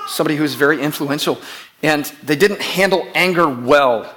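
A pastor delivers an emphatic sermon to his church, repeating key phrases and posing questions to the congregation. His voice is fairly high-pitched and a bit bright.

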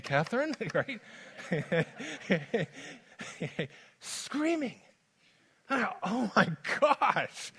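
A man preaching a sermon as pastor, moving from hushed lines to loud, urgent ones. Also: sits high. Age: adult father. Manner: dynamic preaching, swings from soft to loud.

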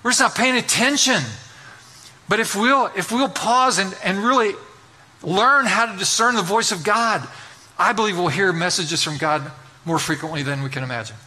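A man's voice: high-pitched, moderate pace, bright, forceful tone. A middle-aged man preaching a sermon as pastor, telling a story with self-deprecating humor and building to emphatic appeals.

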